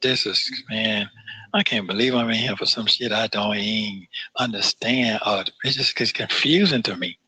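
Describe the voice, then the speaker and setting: A man's voice: fairly low pitch, normal speed, sharp tone, slightly rough, dry recording. A man calling from jail on the phone, frustrated and repetitive, swearing as he talks. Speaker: jail inmate on a phone call. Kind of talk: casual phone conversation.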